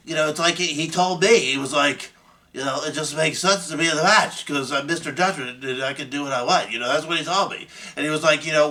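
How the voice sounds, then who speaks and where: Bright, excitable rambling wrestling show host. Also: male voice, fairly high pitch. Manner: rambling, excitable, swears freely, jokes about his pay. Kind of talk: casual unscripted show recap.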